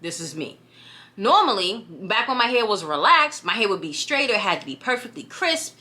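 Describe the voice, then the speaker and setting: Bright-voiced New York woman chatting. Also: fairly high pitch, normal speed. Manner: chatty, animated, frequent "you know what I'm saying". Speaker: vlogger. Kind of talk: casual chat to camera.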